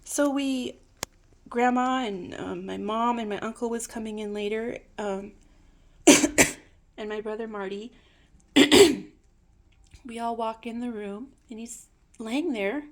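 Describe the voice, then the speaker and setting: An older woman telling a personal family story in a slow, reflective way, sometimes dropping to hushed asides. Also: a little high.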